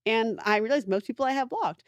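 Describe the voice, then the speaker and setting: Young female co-host, fast, frank, dry close-mic chat. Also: on the high side, dry recording. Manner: blunt, swearing, full of "like". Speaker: podcast co-host. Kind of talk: casual chat.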